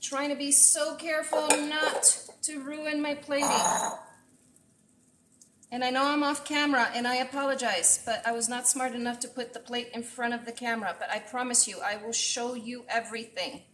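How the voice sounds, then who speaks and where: A woman with a high, steady, slightly bright voice streams herself cooking in her home kitchen at normal speed, chatting casually, gushing, exclaiming often, and sprinkling in Spanish phrases. The sound is roomy, with a little hiss or hum.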